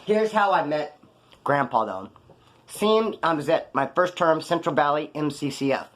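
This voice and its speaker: A man's voice: on the high side, expressive, moderate pace, a bit bright. A man casually telling rambling, profane prison stories off the cuff, full of slang. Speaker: storyteller recounting his prison past.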